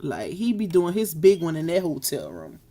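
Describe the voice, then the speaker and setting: A woman's voice: sits low, huge pitch swings, moderate pace, mellow, husky. Live stream host, woman, thirties, casual and talkative. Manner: chatty, laughs often, Southern US slang.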